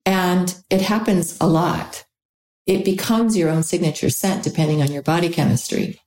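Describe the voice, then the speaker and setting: A woman who founded a perfume brand, answering interview questions in a calm, measured, explanatory way. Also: on the low side. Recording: echoey room.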